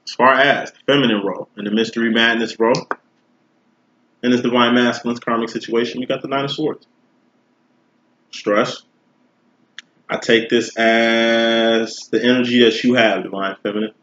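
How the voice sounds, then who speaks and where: A man's voice: mid-range voice, fairly even intonation, normal speed, long pauses, a bit bright, a little hiss or hum. A man giving a casual tarot reading, talking straight to the viewer in slangy, profane, conversational speech. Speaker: tarot reader. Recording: roomy, dull lo-fi recording.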